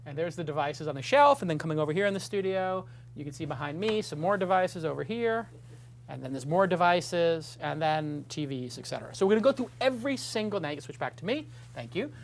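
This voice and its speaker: A man's voice: a little high, expressive, brisk, vocal fry, slight background noise. A man hosting a casual studio talk show, chatty and rambling, with jokey self-deprecating asides.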